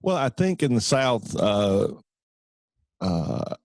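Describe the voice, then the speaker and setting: A man's voice: mid-range voice, sing-song, slow, a little mellow, dry recording. A man hosting an interview podcast, friendly and chatty, with frequent fillers. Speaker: podcast host. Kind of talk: casual interview talk.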